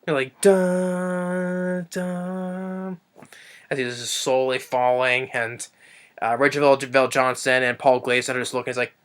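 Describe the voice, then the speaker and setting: A man's voice: level tone, normal speed, a bit bright, clean tone. A man reviewing a movie off the cuff, rambling with lots of fillers and restarts. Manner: briefly acts out quotes in a higher voice.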